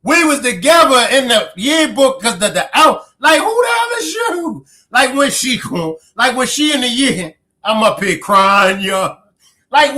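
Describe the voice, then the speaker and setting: A man's voice: very high voice, sharp tone. A man streaming live, reacting to a clip, who keeps laughing, exclaiming and breaking off mid-sentence.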